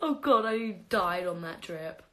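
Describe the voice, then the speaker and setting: A woman's voice: on the low side, animated, a little slow, a bit bright, slight background noise. A young woman chatting on a phone livestream, telling stories about her life with frequent laughs and casual swearing.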